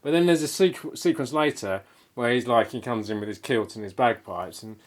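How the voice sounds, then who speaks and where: A man's voice: mid-range voice, a little fast, a crowd in the background. A man co-hosting a casual film review chat, rambling with many restarts and fillers. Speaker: film podcast co-host.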